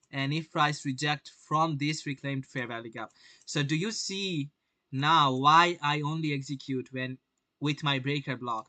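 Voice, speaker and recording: A brash young man narrates his live trades to a streaming audience, swearing often and quizzing viewers with rhetorical questions. His voice sits a little high and sounds bright and forceful. The recording is dry and close, with no room sound. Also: no room sound. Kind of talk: live-stream market commentary.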